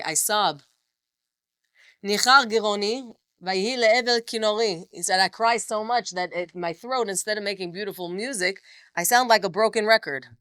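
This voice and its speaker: A woman's voice: mid-range voice, fairly bright tone, dry recording. A woman teaching a text study class, reading passages aloud with feeling and then explaining them.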